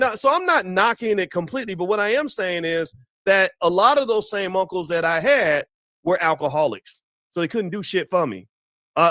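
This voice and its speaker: A man's voice: sits high, fairly bright tone, no room sound, clean studio sound. A man giving impassioned, preachy opinion commentary while talking straight to his viewers.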